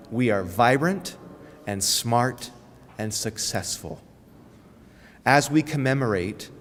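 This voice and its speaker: A man delivering a prepared speech at a press conference, solemn and measured, with rhetorical repetition. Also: mid-range voice, slight background noise. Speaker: community speaker. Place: press conference in a large hall. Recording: long hall reverb.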